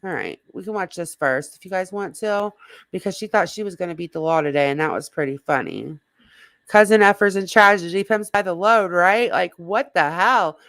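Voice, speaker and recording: A slightly hoarse woman hosting a casual livestream, rambling and greeting viewers in the chat by name. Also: lowish voice, fairly quick, a bit bright, dry recording. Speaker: livestream host.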